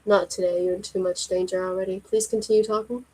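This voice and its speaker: A woman reading the lines of a teasing adult man in a soft, murmured delivery. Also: mid-range voice, little pitch movement, fast talker, natural voice, low-quality recording. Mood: low teasing.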